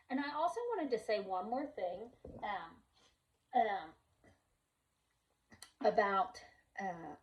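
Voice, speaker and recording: Woman, middle-aged, rambling casual storyteller, voice set back from the mic, ordinary pitch. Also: darkish tone, far from the mic, poor audio. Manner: rambling storyteller who acts out quoted voices. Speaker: vlogger and mother. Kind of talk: casual chat.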